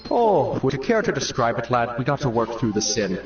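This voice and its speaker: A man's voice: mid-range voice, big pitch swings, fairly quick, echoey room, recorded from a distance, highs cut off, soft background music, voice pushed down, close to an everyday voice. A man voicing a lecherous old Irish priest with a put-on Irish accent, wheedling and leering in a confessional skit.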